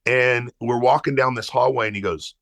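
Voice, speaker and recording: A middle-aged man from Texas, telling a story as a guest and quoting people with quick shifts of voice. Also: mid-range voice, fairly even intonation, gravelly, fairly bright tone, dry recording. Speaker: guest musician. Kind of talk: storytelling anecdote.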